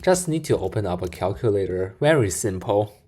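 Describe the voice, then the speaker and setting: A man's voice: lowish voice, expressive, brisk, dark tone, slightly rough. Man explaining step by step. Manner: explains calculations step by step, muttering to himself. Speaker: video reactor. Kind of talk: casual reaction commentary.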